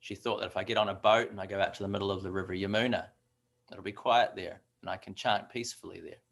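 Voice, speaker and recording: A man's voice: low voice, steady tone, fast, creaky, a bit bright. A man giving a devotional scripture class in a conversational way, with fillers and asides.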